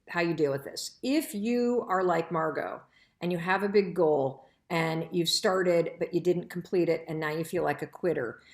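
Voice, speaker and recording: A middle-aged woman hosting a live stream, giving earnest, emphatic advice straight to her listeners. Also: fairly low pitch. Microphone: live-stream broadcast mic. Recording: echoey room.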